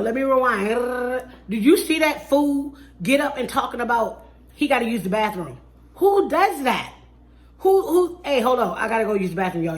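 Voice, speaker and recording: A woman reviewing a reality TV show in a casual chat. She is blunt and sassy, with animated outbursts and mocking impressions of the people she discusses. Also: mid-range voice. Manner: mimics people in mocking voices.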